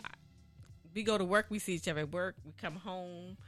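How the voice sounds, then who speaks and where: A woman's voice: lowish voice, fairly quick. A woman hosts a casual talk radio show. She talks animatedly and circles back on her points. Faint music sits behind her voice. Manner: animated, repeats herself, laughs often.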